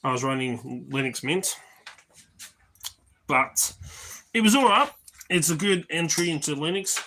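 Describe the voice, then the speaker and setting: A man's voice: on the high side, expressive, a little slow, pushed and bright, a little hiss or hum, low-quality recording. A man hosting a casual live stream, rambling along with lots of ums and restarts, laid-back and swearing offhandedly.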